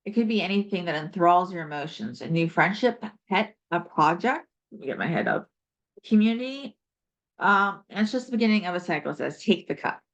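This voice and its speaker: A woman with a lowish voice talks through a tarot reading in a loose, rambling, reflective way, drifting into asides and fillers. The recording is dull and lo-fi. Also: lively intonation, brisk, fairly bright tone. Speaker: tarot reader. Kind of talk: casual spoken tarot reading.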